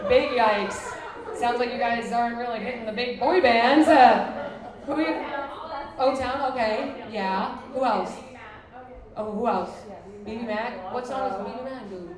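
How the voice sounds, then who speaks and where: A young woman tears through crude, self-deprecating stand-up and teases the front row. Her voice sits a little high and comes from far off the mic in a very echoey venue, with the audience laughing throughout. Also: fairly even intonation. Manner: brash, crude and self-mocking, quick asides to the crowd. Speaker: stand-up comedian. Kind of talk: stand-up comedy with crowd work. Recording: roomy live recording from a distance, crowd laughter.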